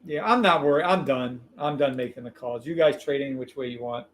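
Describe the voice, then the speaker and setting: A man hosting a live trading stream, calling trades in an excitable, profane, loud way. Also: mid-range voice, brisk. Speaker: livestream trading host.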